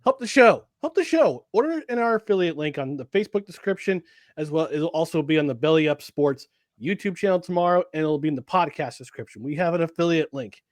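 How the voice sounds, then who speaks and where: A man's voice: on the high side, quick pace, darkish tone, no echo, studio quality. A man co-hosting a podcast, reading a sponsor plug in an upbeat, joking way. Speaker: podcast co-host. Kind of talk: casual chat with an ad read.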